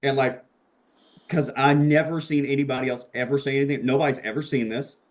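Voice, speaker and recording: Excitable, profane man telling a story. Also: medium pitch, a little fast. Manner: profane and excitable, acts out quoted voices. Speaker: podcast guest. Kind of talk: casual storytelling.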